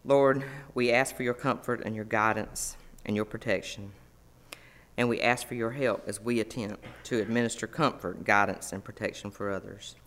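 A man's voice: on the low side, steady tone, normal speed, fairly bright tone. A man leading an earnest closing prayer in a church service.

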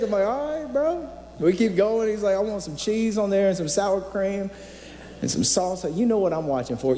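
Storytelling pastor in an echoing hall. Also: male voice, on the high side, warm tone, slight background noise. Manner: storytelling, self-mocking, acts out quotes. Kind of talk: sermon. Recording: reverberant hall, faint ambience.

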